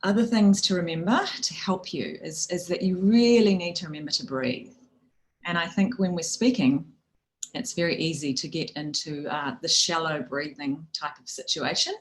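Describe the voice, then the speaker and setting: A woman with a New Zealand accent gives practical tips on public speaking in a low voice. She is friendly and easygoing, often restarting a phrase or adding "you know" as she explains. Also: normal speed, low-quality recording. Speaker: speaking coach. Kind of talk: instructional talk on public speaking.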